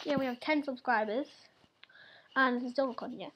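A woman's voice: sits high, fairly quick, highs cut off, slight background noise. A young woman, in her teens, hosting a casual gaming video with chatty, giggly, teasing talk. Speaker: gaming channel host.

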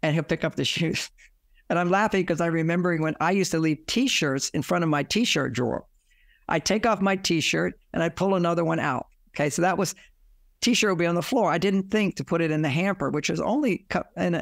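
A fairly high-pitched man with a gravelly, fry-edged voice tells stories to give relationship advice. He acts out the voices in his anecdotes and chuckles along. The sound is dry and close. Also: fairly quick, no room sound. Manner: animated storytelling, acting out quoted lines, chuckling. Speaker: relationship author. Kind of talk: relationship advice told through personal anecdote.

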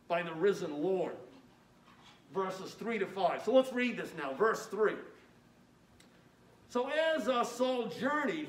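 A male pastor delivers a sermon in a high voice, reading scripture with rising emphasis and then explaining it plainly. He often says "uh" between phrases. The church room echoes, and he sounds far from the mic. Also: fairly bright tone, slight background noise. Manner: uses fillers like "uh" often. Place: church sanctuary.

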